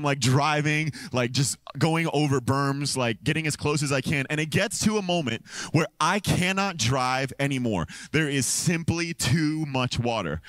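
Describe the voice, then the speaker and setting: An American man, a pastor, preaching a sermon into a stage microphone in a church, telling a personal story with lively acted-out quotes and frequent laughter. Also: mid-range voice, no room sound. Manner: animated storytelling, acts out quotes, laughs often.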